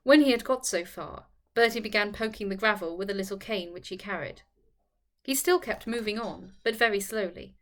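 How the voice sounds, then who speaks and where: A woman reading a classic novel aloud as narrator in a measured, formal manner. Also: mid-range voice, a bit bright. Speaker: audiobook reader.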